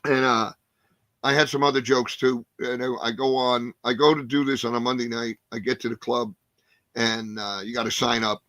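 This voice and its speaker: Rambling older comedian from New Jersey. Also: male voice, medium pitch, flat delivery, moderate pace, fairly bright tone, dry recording. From New Jersey, USA. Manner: rambling, full of fillers, acts out quotes. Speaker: guest comedian. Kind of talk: storytelling in a podcast interview.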